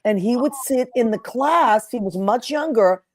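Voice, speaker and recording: A woman's voice: fairly high pitch, lively intonation, a little slow, no room sound. A woman hosting an interview show, telling heartfelt stories in a casual chat and acting out the people in them. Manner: emotional storyteller, acts out quotes. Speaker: podcast host.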